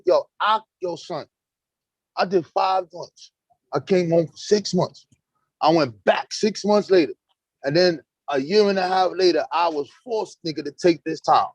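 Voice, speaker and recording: High-voiced animated man on a dry close mic. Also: no room sound, poor audio. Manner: animated, profane street talk, acts out courtroom exchanges. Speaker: host. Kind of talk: casual live-stream chat.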